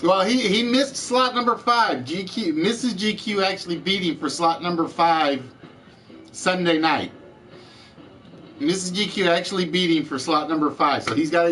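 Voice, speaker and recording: A man's voice: a little high, moderate pace, a bit bright, poor audio. A man with a Southern US accent hosting a live-streamed trivia game show, chatting with viewers and answering their comments as he goes.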